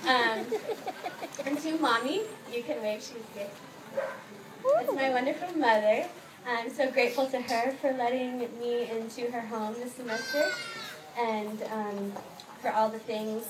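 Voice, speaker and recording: A woman's voice: a little high, a little slow. A young American woman, an exchange student, giving a heartfelt thank-you speech to her host family and laughing often as she tells stories. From United States. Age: young adult. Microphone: microphone held at a distance. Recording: distant mic, noisy outdoor ambience.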